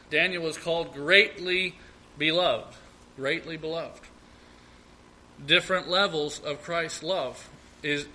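A man's voice: a little high, pushed and bright, poor audio. A man preaching a Bible teaching sermon, reading scripture aloud and commenting on it with frequent restarts and repeated words.

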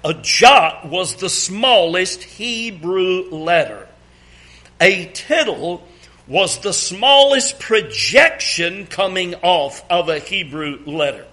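A man delivering a sermon in a high, bright voice. He speaks slowly and deliberately, reading scripture aloud and pressing the congregation with emphatic rhetorical questions. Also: animated. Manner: reads scripture aloud, asks congregation to read along. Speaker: preacher.

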